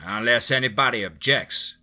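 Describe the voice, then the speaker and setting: A man voicing a gruff small-town male leader who gives slow, firm commands. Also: medium pitch, pushed and bright, faint music behind. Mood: blunt.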